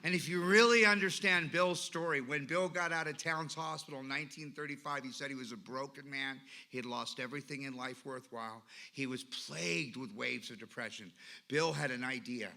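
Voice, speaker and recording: A man's voice: medium pitch, a little fast, gravelly, sharp tone. A man giving a personal recovery talk at a meeting, telling stories emphatically with repeated lists. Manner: emphatic storytelling with lists and repetition.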